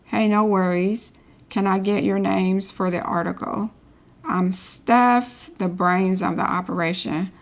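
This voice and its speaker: A woman's voice: mid-range voice, flat delivery, moderate pace, vocal fry. Woman streamer reading game posts aloud. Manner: sarcastic asides between read-outs. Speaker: gameplay streamer.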